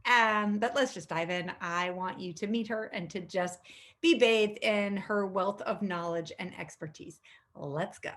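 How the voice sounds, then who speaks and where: A woman's voice: mid-range voice, unhurried, fairly bright tone. A woman hosting a podcast, introducing and questioning her guest with effusive enthusiasm. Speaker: podcast host. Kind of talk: interview hosting.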